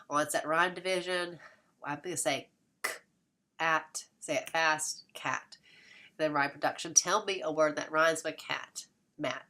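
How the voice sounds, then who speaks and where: A woman with a congested voice delivers a recorded lecture on teaching children. Her voice sits low, and she works through each step patiently, with fillers and quick self-corrections. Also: fairly bright tone. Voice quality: occasional throat clearing. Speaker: instructor.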